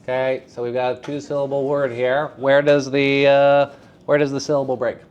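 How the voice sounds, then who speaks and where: A man giving a live drama workshop to high school students, chatty and self-deprecating, often turning to the class with questions. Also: level tone, normal speed, a little mellow, highs cut off.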